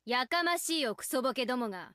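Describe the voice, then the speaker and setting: A woman's voice: high voice, animated, racing, a bit bright. A woman voicing a fearless, commanding teenage girl in a visual novel game, speaking in curt, menacing orders. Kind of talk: Japanese game voice acting.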